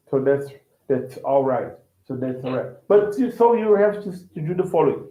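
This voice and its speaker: A male language teacher with a Brazilian Portuguese accent explains English casually, halting and repeating words. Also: on the high side, animated. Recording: echoey, tinny phone-like sound.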